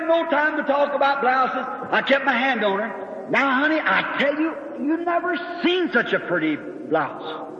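High-voiced preacher in an echoey hall. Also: male voice, a bit bright, a little hiss or hum. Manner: earnest, folksy storytelling with drawn-out pauses. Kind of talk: sermon with personal story. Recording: echoey hall, dull old recording.

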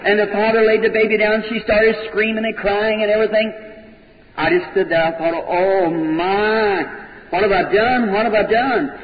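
A man's voice: high-pitched, fairly even intonation, moderate pace. A man preaching, telling a story in folksy sermon style and acting out people's words. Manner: folksy storytelling, quotes people in changed voices. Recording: dull old recording, echoey hall, crowd.

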